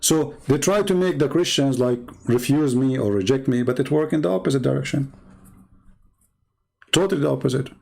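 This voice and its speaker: A man's voice: medium pitch, a little fast, gravelly, dark tone. A man hosting his own channel, delivering a blunt, scornful monologue. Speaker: channel host. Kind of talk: combative monologue.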